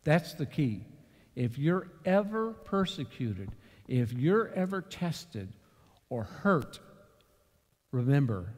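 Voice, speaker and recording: A man leading a church Bible study, telling a story and then driving home a lesson with sudden loud bursts of emphasis. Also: medium pitch, sing-song, slow pace, pauses often, big-room sound. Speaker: Bible class teacher. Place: church meeting room.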